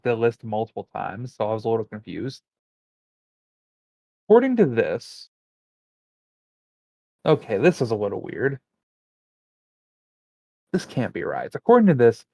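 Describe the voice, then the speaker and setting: A man chatting on a podcast in a loose, rambling way, stopping to look details up as he goes. His voice sits at an ordinary pitch. The sound is dull and dry, with no room around it. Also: no echo. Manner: relaxed, rambling, looks things up as he talks. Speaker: podcast co-host. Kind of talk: casual chat.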